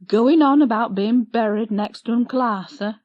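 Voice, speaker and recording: A woman's voice: fairly high pitch, normal speed, no echo, muffled recording, close to an everyday voice. A woman reading an audiobook, voicing a gloomy, bustling older village wife who grumbles in broad country dialect. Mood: brisk. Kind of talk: audiobook character voice.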